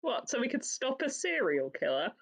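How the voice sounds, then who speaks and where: A woman's voice: a little high, sing-song, normal speed, vocal fry, over a noisy crowd. A woman playing a tabletop game, chatting casually in a breezy, joking way. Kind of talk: casual chat.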